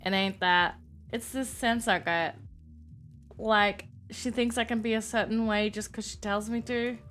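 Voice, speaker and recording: A woman's voice: on the high side, fairly even intonation, a little slow, a bit bright, faint music behind. Give me a woman playing an easygoing young American cowboy with a folksy Southern drawl. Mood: uneasy. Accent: American Southern, put on.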